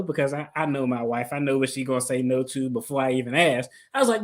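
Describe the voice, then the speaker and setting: A man's voice: medium pitch, very animated, fast, few pauses. A man hosting a finance video, telling a story in a casual, playful way and acting out his own quotes. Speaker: attorney and finance video host.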